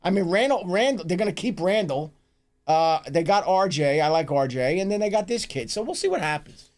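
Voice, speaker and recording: A man co-hosting a live stream, talking sports in a casual, animated way, swearing and stumbling over restarts. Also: high-pitched, a little fast. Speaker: streamer co-host.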